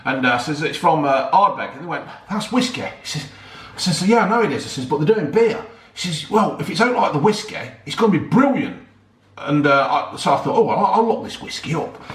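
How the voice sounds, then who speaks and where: A man's voice: on the high side, animated, a little fast. Rambling man, roomy sound. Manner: chatty and rambling, stumbles over hard words, calls viewers "folks". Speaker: YouTuber reviewing a beer. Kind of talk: casual rambling chat to viewers. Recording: roomy echo.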